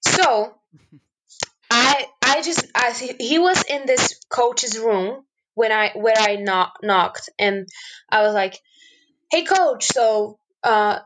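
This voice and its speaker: Slow-talking young woman telling stories. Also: a little high, a little hiss or hum, poor audio. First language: not English. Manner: animated storyteller, many fillers and restarts, laughs often. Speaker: podcast guest, hockey player. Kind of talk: casual interview chat.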